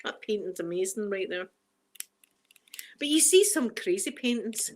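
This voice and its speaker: A woman's voice: mid-range voice, lively intonation, a little slow. A middle-aged woman with a Scottish accent chatting casually on a live stream, reading the chat and laughing often. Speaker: ASMR streamer.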